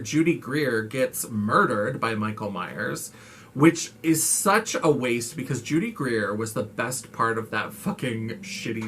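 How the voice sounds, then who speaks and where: A man recapping a horror movie in a casual, animated way, swearing freely and acting out lines from the film. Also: medium pitch, breathy edge.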